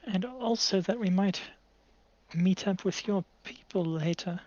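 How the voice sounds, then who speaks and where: A player voicing a calm woman adventurer. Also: mid-range voice, measured pace, no room sound, dull audio, natural voice.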